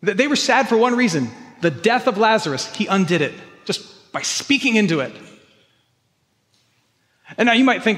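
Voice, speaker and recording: A pastor delivers an earnest sermon in a fairly high voice, doubling back on his words as he builds each point. The sound rings out with a long hall reverb, as if caught in a church sanctuary. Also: sing-song, moderate pace, pauses often, a bit bright. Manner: earnest, repeats words when stressing a point.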